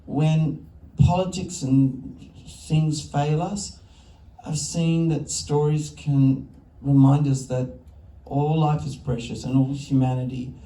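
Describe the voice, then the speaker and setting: A man's voice: on the high side, slow. An Australian man, a film director, telling self-interrupting anecdotes in an onstage festival conversation. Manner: animated, self-interrupting storyteller. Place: festival stage before an audience. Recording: echoey hall, distant mic.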